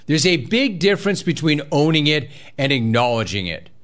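A man's voice: on the high side, moderate pace. A man hosting a sports talk show, reading listener emails and teasing his co-hosts with lots of repetition. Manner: animated, mocking, repeats phrases for effect. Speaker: sports radio host.

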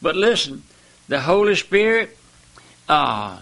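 A man preaching a fiery sermon, repeating "my friend" and "listen," dropping to low murmurs and rising to high cries. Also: sing-song, slow, creaky, fairly bright tone.

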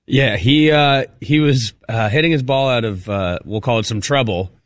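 A man's voice: medium pitch, normal speed, no echo, studio quality. A young man cohosting a radio talk show with a wry, snarky manner. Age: young adult. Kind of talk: casual studio chat.

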